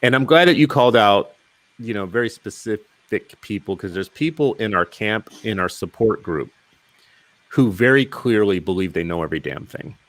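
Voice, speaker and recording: A man's voice: lowish voice, animated, normal speed, fairly bright tone, no echo. A male podcast host in casual interview conversation, talking emphatically and firing off rhetorical questions.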